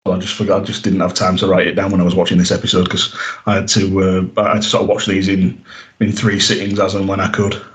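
Man, low voice, casual podcast host, lots of ums and laughs. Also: monotone, fast, rough recording. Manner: chatty, laughs often, many fillers and restarts.

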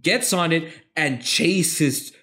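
A man's voice: fairly high pitch, drawn-out words, pushed and bright. A young man co-hosting a casual film review podcast, rambling through the plot with swearing and frequent laughter. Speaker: podcast co-host.

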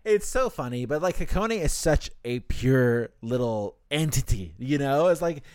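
A man co-hosting a casual podcast, recapping a story with animated, swearing asides and quick character voices. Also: mid-range voice, smooth, no room sound, studio quality. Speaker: podcast co-host.

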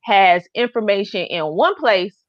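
A woman with a Southern accent hosting a live-streamed show, excitable, with big swoops and drawn-out exclamations. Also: mid-range voice, no echo. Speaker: host. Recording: dull lo-fi dry sound.

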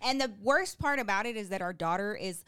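A woman's voice: mid-range voice, a little fast, clean tone. A young woman with a Texan accent, co-hosting a podcast in casual chat and telling stories with playful teasing. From Texas. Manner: animated storyteller, playful teasing. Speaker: podcast co-host.

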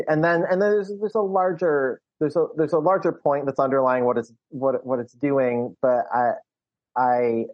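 A man's voice: medium pitch, fairly even intonation, normal speed, dull audio. A man co-hosting a podcast, talking through a film in casual chat with many restarts. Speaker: podcast co-host.

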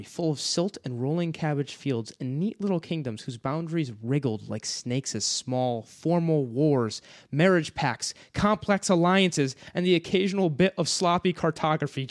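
An American man with a slightly higher than usual voice talks about a book he loves with eager, gushing energy. He reads passages aloud and keeps breaking into laughter. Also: lively intonation, normal speed, hardly any pauses. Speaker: podcast co-host. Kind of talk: casual book discussion, reading passages aloud.

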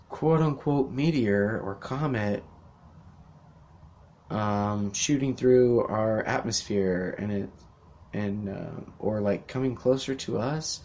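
Slow-paced and a little mellow, a young man with a lowish voice hosts a podcast where he rambles through a profane rant. He peppers it with sarcastic asides and mocking voices.

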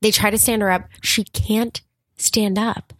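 Guesting on a comedy podcast, this woman spins a lively, relaxed story, voicing the quotes herself and often breaking into laughter. She speaks at a measured pace with medium pitch, in a dry, echo-free recording.

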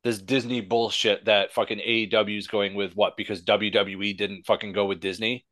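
A man's voice: fairly low pitch, level tone, normal speed, a bit bright, no echo. Profane ranting male podcast host. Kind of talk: casual wrestling podcast chat.

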